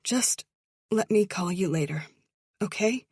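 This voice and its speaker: A woman's voice: medium pitch, lively intonation, unhurried, a little mellow, husky, no room sound, clean studio sound. A woman voicing a guilt-ridden young actress who sounds strained and fragile on a phone call.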